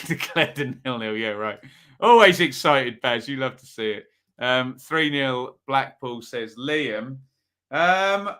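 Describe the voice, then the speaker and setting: A man hosting a live football predictions stream talks in a smooth, mid-range voice with a sharp tone. He's chatty, reading comments from viewers aloud and inviting the chat to share predictions.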